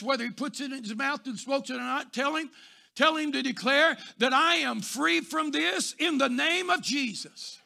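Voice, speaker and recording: High gravelly preacher. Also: male voice. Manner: builds to shouting, then drops soft. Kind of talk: sermon with storytelling.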